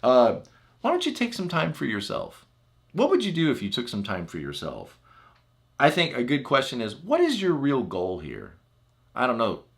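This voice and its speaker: With a mid-range voice touched by vocal fry and a moderate pace, this relationship coach keeps things conversational. He teaches personal growth, keeps checking in with a "right?", and performs sample phrases in animated voices.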